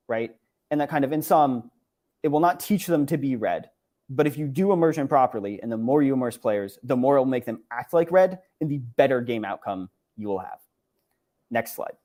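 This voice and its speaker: A man's voice: mid-range voice, mellow. A young man giving an online conference talk over slides, casual and filler-heavy, with many "right?" and "like" tags. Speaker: conference presenter. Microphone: online talk, computer mic.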